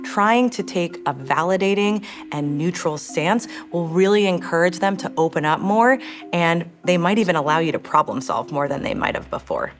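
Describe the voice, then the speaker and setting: A woman giving clear, reassuring advice to parents in an interview. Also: on the low side, lively intonation, normal speed, faint music behind. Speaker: child mental health expert.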